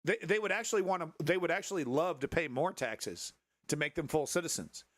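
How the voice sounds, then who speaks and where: A man hosting a live stream, reacting to clips with sarcastic, profane commentary and now and then breaking into shrill mocking voices. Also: a little fast, a bit bright, dry recording, studio quality. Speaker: livestream host.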